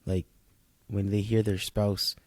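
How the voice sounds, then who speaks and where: A young man co-hosting a casual podcast chat, telling stories in a laid-back way and acting out what people said. His voice sits low and sounds dry and close to the mic. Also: little pitch movement, slow pace, a little mellow, dry recording. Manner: laid-back storyteller, acts out quotes. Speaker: podcast co-host.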